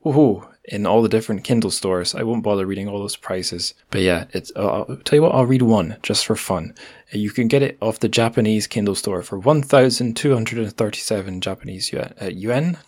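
A man's voice: fairly low pitch, a little fast, darkish tone. Chatty Scottish man hosting a podcast. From Scotland. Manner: chatty, self-deprecating, with frequent restarts and asides. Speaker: podcast host. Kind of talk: casual podcast monologue.

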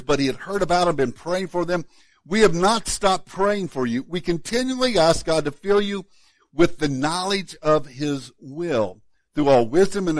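A pastor with a fairly high-pitched voice preaches a sermon in a relaxed, conversational style. He often repeats words when restarting a thought, and there's no room sound.

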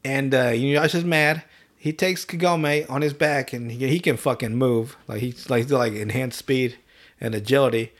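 A man chatting casually about an anime he watched as a kid, cursing freely as he tells it. He keeps dropping into short voiced bits for the characters. His voice sits in an ordinary middle pitch. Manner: profane, animated retelling with quick voiced asides. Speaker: podcast host. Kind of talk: casual chat, recapping an anime.

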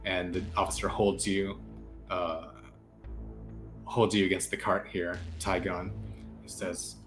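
A man narrating as game master of a tabletop game, halting with many fillers and restarts. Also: low-pitched, flat delivery, fairly bright tone, faint music behind.

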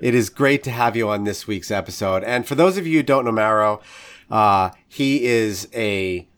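American male host with low voice. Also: normal speed, a bit bright. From United States. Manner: friendly, laughs often, restarts. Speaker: podcast host. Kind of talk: casual chat.

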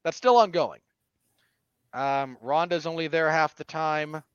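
A man's voice: a little high, fairly even intonation, measured pace, clean tone, no echo, lo-fi sound. A man co-hosting a podcast, chatting casually and dropping dry, sarcastic asides. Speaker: podcast co-host. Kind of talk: casual chat.

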